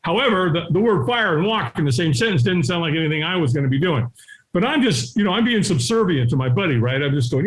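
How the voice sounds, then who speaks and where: Animated middle-aged man telling a story. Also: fairly high pitch, poor audio. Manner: animated, acts out the people in his story with quick shifts of voice; punchy, often tags sentences with "right?". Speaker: podcast guest. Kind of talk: storytelling in a conversational interview.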